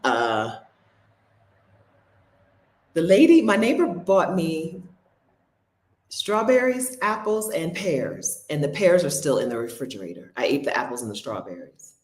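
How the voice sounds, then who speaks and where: A woman with a drawl and a low voice chats to her viewers from home, her tone bouncing up and down a lot. She laughs often and talks in a casual, rambling way. The sound carries a noticeable room echo. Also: sing-song, a little slow, long pauses, darkish tone. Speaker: host. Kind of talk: casual livestream chat. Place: home near her refrigerator.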